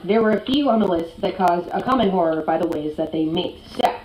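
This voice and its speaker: A woman's voice: lowish voice, expressive, fairly quick, darkish tone. A woman giving a scripted comedic narration in a wry, playful, self-mocking way. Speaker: video narrator. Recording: roomy with faint background noise.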